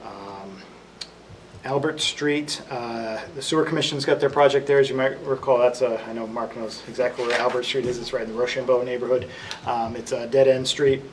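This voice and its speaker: A man's voice: medium pitch, fairly even intonation, moderate pace. A man updating a town board on road and drainage projects in an informal way, with many fillers. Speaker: public works official. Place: meeting room. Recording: distant mic, noisy room.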